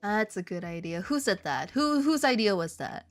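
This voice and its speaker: A woman's voice: medium pitch, very animated, normal speed, soft background music. A woman streaming casually while she draws, playful and rambling, with theatrical outbursts. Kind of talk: casual live-stream chat while drawing.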